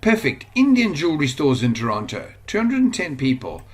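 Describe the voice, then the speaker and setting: A man with a South African accent giving a casual screen-share tutorial on online business, rambling and thinking aloud with excitable bursts. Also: a little high, a little fast, slight background noise.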